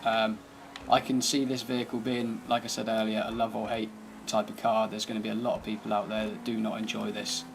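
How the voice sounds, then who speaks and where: A man's voice: on the low side, flat delivery, brisk, vocal fry, few pauses, background noise. A man giving casual, laid-back commentary over gameplay, thinking aloud as he drives and tests a car. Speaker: gaming channel host.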